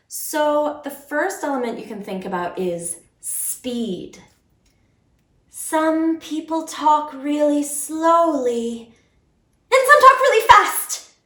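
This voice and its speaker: A woman's voice: a little high, echoey room. A woman teaching puppet-making to children, playfully demonstrating different voices as she explains. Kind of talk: instructional video for kids.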